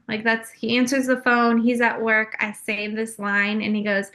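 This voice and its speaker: A woman's voice: fairly high pitch, completely flat delivery, normal speed, few pauses, pushed and bright. A young woman from California telling her personal story openly on a podcast, with frequent fillers. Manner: open and confessional, frequent fillers. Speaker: podcast guest.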